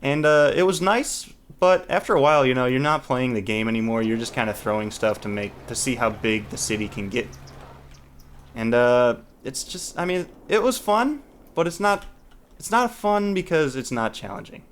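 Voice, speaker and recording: A man in a mid-pitched voice talks through his city-building game, thinking aloud and breaking off mid-sentence. He sounds casually exasperated at times. Faint keyboard typing sits under his voice. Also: lively intonation, moderate pace, slight background noise. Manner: thinks aloud, restarts and trails off, mildly exasperated. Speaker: let's play host. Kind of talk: casual gameplay commentary.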